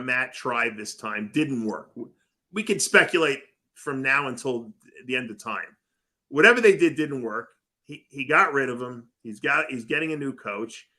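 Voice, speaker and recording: A man's voice: medium pitch, bright, forceful tone. A man co-hosting a talk show, giving his opinion in casual discussion. He speaks emphatically and repeats words as he starts a point. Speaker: co-host of a bodybuilding radio show.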